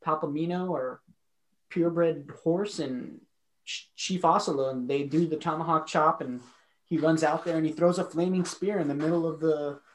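Male podcast co-host, higher-pitched, casual and rambling, jokey. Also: fairly even intonation, moderate pace, poor audio. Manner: enthusiastic, rambling, joking. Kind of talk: casual chat.

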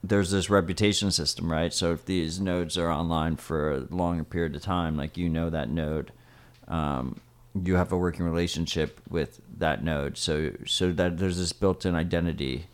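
Low-voiced man explaining on a podcast. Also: fairly even intonation, normal speed, hardly any pauses. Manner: explains at length, uses "like" often. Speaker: podcast co-host. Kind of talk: casual chat.

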